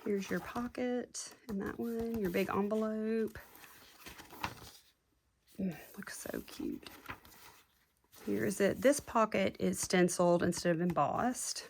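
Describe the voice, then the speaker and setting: A woman who sells crafts casually shows off her handmade junk journals to viewers, gushing as she chats. Her mid-range voice is gravelly and measured, with few pauses and background noise behind her.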